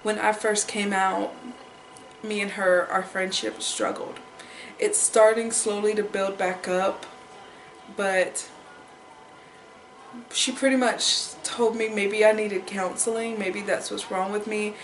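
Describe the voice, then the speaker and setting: A woman's voice: mid-range voice, steady tone, slow, slight background noise. Young woman, personal vlog, upset and near tears, repeats herself; roomy echo on the recording. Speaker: vlogger.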